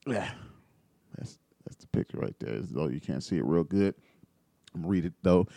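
A man's voice: low voice, lively intonation, moderate pace, vocal fry, dark tone, no room sound. A man co-hosting a casual chat show, reading posts aloud with joking asides. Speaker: podcast co-host.

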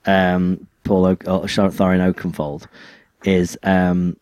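A man co-hosting a podcast in casual chat, rambling and halting with restarts. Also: low-pitched, flat delivery, a little mellow, dry recording. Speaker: podcast co-host.

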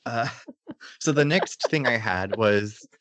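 A man's voice: medium pitch, fairly bright tone, no echo. A man co-hosting a podcast over a remote call, chatting casually and joking about a documentary, laughing often. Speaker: podcast co-host. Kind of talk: casual chat reviewing a documentary.

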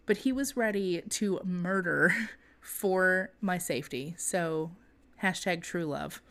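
Woman telling a lively story. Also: fairly low pitch, slow pace. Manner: animated, laughing storyteller. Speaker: podcast co-host. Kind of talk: casual storytelling chat.

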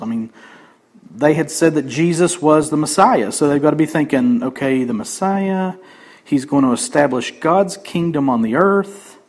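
A man's voice: fairly high pitch, slightly rough. A man preaching a sermon as pastor, conversational and joking with the congregation.

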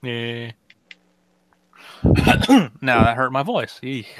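A man co-hosting a casual podcast chat, excitable and laughing often. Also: medium pitch, extremely slow, no room sound. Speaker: podcast co-host.

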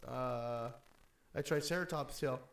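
A man's voice: medium pitch, takes it slowly, a little hiss or hum. A man chatting casually, telling stories animatedly, often mimicking other people's voices and swearing a lot. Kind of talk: casual profane chat.

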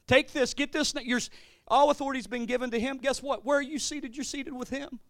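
A male pastor preaching a sermon, swinging from loud declarations to quiet asides, with frequent stammered restarts. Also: extremely high pitch, steady tone, a little fast, dry recording, clean studio sound.

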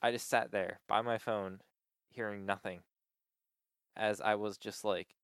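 A man's voice: fairly low pitch, steady tone, measured pace, pauses often, fairly bright tone, smooth, no room sound, clean studio sound. A man in casual chat, venting with exasperation about a support call, swearing often and filling with "like".

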